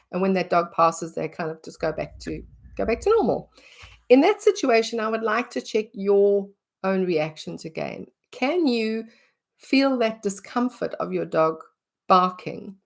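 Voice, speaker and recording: A woman's voice: medium pitch, vocal fry. A middle-aged woman, teaching about dog behaviour in a casual way and acting out what she would say. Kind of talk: conversational teaching talk.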